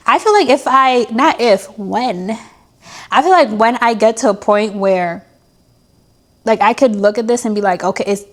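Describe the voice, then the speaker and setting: Young woman, vlogger, candid diary talk, self-mocking, emotional pep talk, higher pitch.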